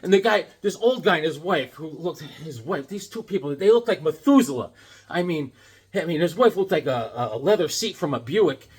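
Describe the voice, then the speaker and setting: A man hosting a comedic unboxing vlog, rambling through jokes and stories with animated outbursts. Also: a little high, normal speed, breathy edge. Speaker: comic book vlogger.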